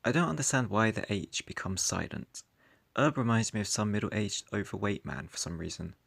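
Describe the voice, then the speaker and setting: A man's voice: fairly low pitch, lively intonation, moderate pace, gravelly, a bit bright, husky, no room sound. A man with a British accent talking to camera in a casual vlog, dry and wry in tone, recorded indoors in his room. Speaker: vlogger.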